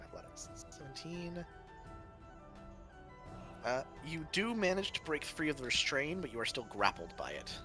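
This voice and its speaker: A man's voice: fairly high pitch, very animated, normal speed, pauses often, bright, forceful tone, faint music behind. A man running a tabletop game as game master over an online voice call, laid-back and laughing often, with hesitant fillers.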